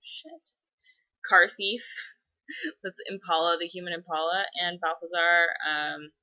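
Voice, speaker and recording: A woman's voice: lowish voice, a little slow, sharp tone. A young woman vlogging at home, chatting casually and profanely about fandoms and answering inbox questions. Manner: chatty, profane, giggly fan talk. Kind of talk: casual rambling chat. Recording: dull lo-fi webcam audio.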